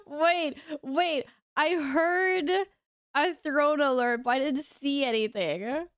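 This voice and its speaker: Giggly, slow-talking woman streamer. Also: high voice, fairly bright tone, dry recording, studio quality. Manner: giggly, laughs often, chatty with viewers. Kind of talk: casual live-stream chat while gaming.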